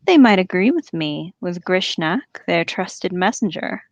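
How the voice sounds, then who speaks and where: A woman reading aloud and voicing a sly, evil male orc who speaks softly and sneers. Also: lowish voice, animated, measured pace, no room sound. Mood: sneering. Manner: soft, sneering, menacing.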